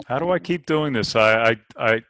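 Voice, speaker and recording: A man co-hosting a podcast in a loose, joking way, trading playful banter with his guests. His pitch sits in the middle range. The sound is dry, with no room echo. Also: moderate pace, a bit bright. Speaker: podcast co-host. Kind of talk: casual podcast chat.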